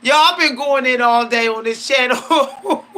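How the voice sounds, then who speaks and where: A woman hosts her channel, speaking to camera about spiritual matters in a casual, emphatic way, full of slang and frequent laughter. Her voice sits high, with a measured pace and a bright, forceful tone.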